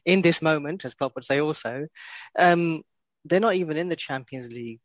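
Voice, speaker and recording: A man's voice: on the high side, normal speed, no echo. A man co-hosting a podcast, talking football in a blunt, sweary way and laughing often. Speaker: podcast co-host. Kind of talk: casual football chat.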